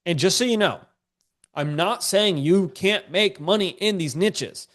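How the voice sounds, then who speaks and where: A man's voice: high-pitched, unhurried, fairly bright tone. A man teaching a live-streamed business class, a bit congested, talking in a casual, joking, slangy way to viewers in a chat. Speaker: online business coach.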